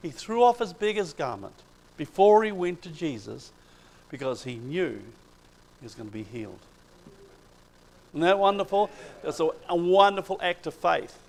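A man preaches a sermon, retelling scripture stories with animated, emphatic delivery. His voice sits a little high for a man and carries a gravelly rasp. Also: normal speed, long pauses, rough recording.

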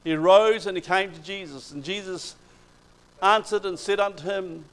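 A man preaching a sermon, retelling Bible stories with animated emphasis and swings in loudness. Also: sits high, normal speed, poor audio.

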